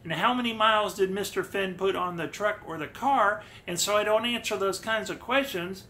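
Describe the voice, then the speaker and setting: A breathless old man who rambles around every question, his voice bright and a little raised in pitch. A man puts him on, mocking him in a video commentary. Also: normal speed, slight background noise. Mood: rambling. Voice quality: breathless, winded delivery. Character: winded old man, halting and evasive.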